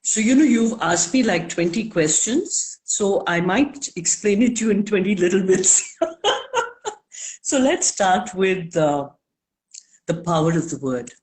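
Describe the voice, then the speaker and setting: Slow, low-voiced older woman speaking deliberately. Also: animated, darkish tone. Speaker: guest speaker. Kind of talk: live interview talk.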